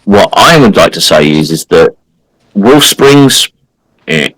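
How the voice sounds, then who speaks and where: A man's voice: low voice, sing-song, slow pace, fairly bright tone, dry recording, low-quality recording. A man co-hosting a podcast, telling a story in a casual, emphatic way and acting out the people he quotes. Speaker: podcast co-host.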